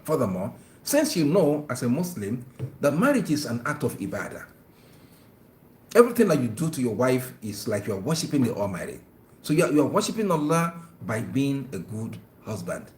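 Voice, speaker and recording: A man's voice: medium pitch, big pitch swings, brisk, a little mellow. A man hosting an Islamic talk show, giving earnest, preachy marriage advice and often stammering on repeated words. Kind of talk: religious advice talk with phone-in. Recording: echoey room.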